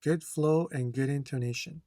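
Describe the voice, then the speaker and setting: A language test instructor giving a speaking tutorial, talking slowly and deliberately, checking in with "okay?" after each point and reading a model answer with careful intonation. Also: mid-range voice, steady tone, warm tone, no echo.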